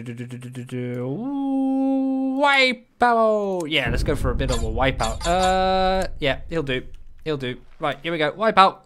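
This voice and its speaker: A man hosting his own gaming channel, giving playful, exclamatory commentary while he plays and talking to the game. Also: medium pitch. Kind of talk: casual gameplay commentary.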